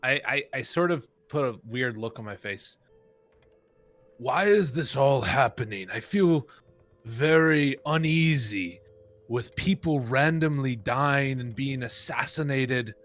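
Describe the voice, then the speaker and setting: A man's voice: medium pitch, takes it slowly, fairly bright tone, soft background music. A man playing a tabletop game, joking and laughing often. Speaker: player. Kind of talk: casual tabletop play.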